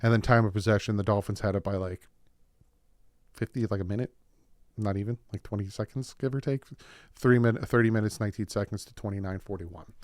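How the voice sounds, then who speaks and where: A man hosting a casual football recap video, excited and winded, rattling off game stats. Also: fairly low pitch, fairly quick, dry recording, studio quality. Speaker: sports video host.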